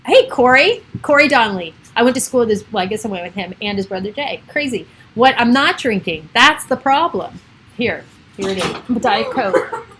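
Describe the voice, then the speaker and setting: Middle-aged woman, rather high voice, rambling chatty livestream host at home with light background hiss. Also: expressive, moderate pace, fairly bright tone, poor audio. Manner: chatty, rambling, laughs often. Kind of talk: casual chat on a livestream. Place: home with children and pets around.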